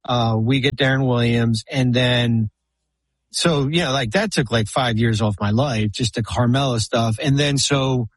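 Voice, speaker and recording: Husky-voiced man telling rambling stories. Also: mid-range voice, unhurried. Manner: rambling anecdotes full of restarts and fillers. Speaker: podcast guest, former basketball executive. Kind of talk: casual storytelling chat.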